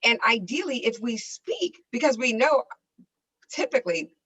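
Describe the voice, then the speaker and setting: A woman's voice: on the high side, big pitch swings, normal speed, pushed and bright, husky, far from the mic, poor audio. A woman on a discussion panel speaking in an emphatic, urging way.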